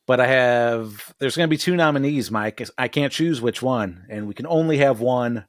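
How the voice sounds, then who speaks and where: A male podcast co-host in easy, joking conversation, his voice sitting at an ordinary middle pitch. The sound is dry and close, with no room echo. He swears casually as he talks. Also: moderate pace. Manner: jokey and relaxed, swears casually, slips into mock voices. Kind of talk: casual chat recapping a TV episode.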